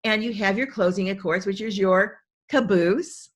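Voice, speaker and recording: A woman's voice: medium pitch, normal speed. Enthusiastic woman coaching in a webinar. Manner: enthusiastic, repetitive, conversational coaching. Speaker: speaking coach. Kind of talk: webinar teaching.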